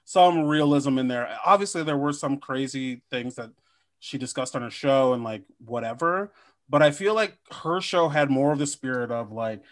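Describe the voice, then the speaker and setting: A man's voice: medium pitch, moderate pace. A man co-hosting a podcast in casual chat, joking and slipping into silly impressions. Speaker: podcast co-host.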